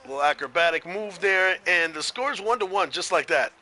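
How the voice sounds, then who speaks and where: A man doing play-by-play commentary on an online match, excitable and rambling, often laughing. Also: high voice, normal speed, rough recording. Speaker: play-by-play announcer.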